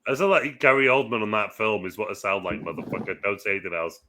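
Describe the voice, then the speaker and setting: Bright-voiced joking man. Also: fast, a little hiss or hum. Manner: joking, crude, loud bursts then low mutters. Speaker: movie review podcast co-host. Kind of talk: casual chat.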